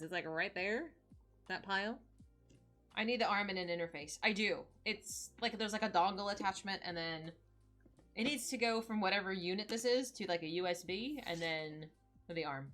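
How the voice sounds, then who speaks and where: Bubbly, lively woman streamer in her thirties. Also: mid-range voice, normal speed, faint music behind. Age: 30s. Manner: bubbly, excitable, chatty. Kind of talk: casual live-stream chat, opening gifts.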